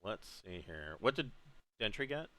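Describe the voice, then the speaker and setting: Lively, bright-voiced male game master. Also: fairly low pitch, measured pace. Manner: easygoing, thinking aloud with fillers. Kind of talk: running a tabletop game.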